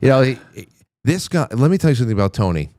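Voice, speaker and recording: A man's voice: mid-range voice, big pitch swings, rapid-fire, a little mellow, no room sound, studio quality. A man hosting a talk show in casual on-air chat, rambling with lots of restarts and stammers.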